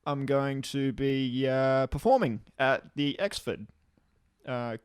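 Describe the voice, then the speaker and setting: A man's voice: medium pitch, slow, smooth. A man with an Australian accent, a comedian guest on a casual studio podcast, making dry, self-mocking jokes. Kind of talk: casual chat.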